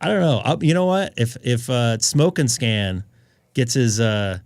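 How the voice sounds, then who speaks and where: A man hosts a ham radio live stream in easygoing chat. He rambles, jokes and laughs between thoughts, his voice swinging widely in pitch. The sound is dry and close. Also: lively intonation, a little slow, darkish tone, no echo. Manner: rambling and jokey, laughs often.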